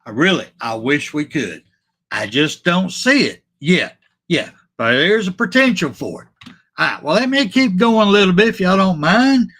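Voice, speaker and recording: A man's voice: high voice, moderate pace. A man hosting a casual sports talk stream, reading viewer comments aloud, repeating himself and apologizing as he goes. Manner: animated and repetitive, trailing off and apologizing. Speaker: sports talk show host.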